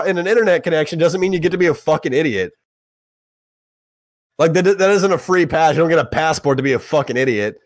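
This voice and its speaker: A young man co-hosting a gaming podcast, ranting in a heated, profane, emphatic way that climbs higher when he gets worked up. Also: fast, dry recording. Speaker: podcast co-host. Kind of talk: heated casual rant.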